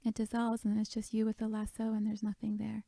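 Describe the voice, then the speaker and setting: Soft-spoken woman doing a guided meditation, low gravelly fry, pretty flat delivery, half whispering a lot. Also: fairly quick, dry recording.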